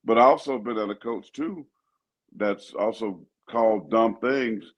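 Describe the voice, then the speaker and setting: An older man, a pastor and co-host, talking sports in an animated, preachy way that repeats itself. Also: on the low side, a little slow, highs cut off. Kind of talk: casual sports talk.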